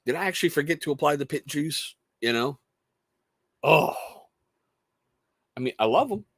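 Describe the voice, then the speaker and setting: A man in his thirties hosting a casual show, telling family stories in an animated way and laughing often. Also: medium pitch, no echo. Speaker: podcast host talking to chat. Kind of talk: casual chat.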